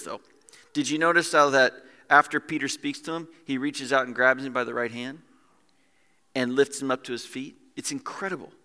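A man preaching a sermon as pastor, animated and acting out scenes in different voices, in a church hall. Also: a little high.

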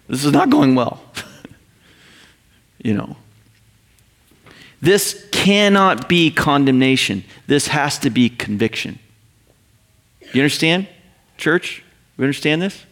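A middle-aged man preaching a sermon to his church in a conversational, animated way, often acting out the voices he quotes. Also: on the high side, a little slow, pauses often. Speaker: pastor.

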